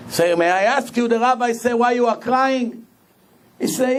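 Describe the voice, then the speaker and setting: A rabbi preaching a sermon, telling stories in an animated way and repeating phrases for emphasis. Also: male voice, sits high, moderate pace, gravelly. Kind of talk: sermon with storytelling.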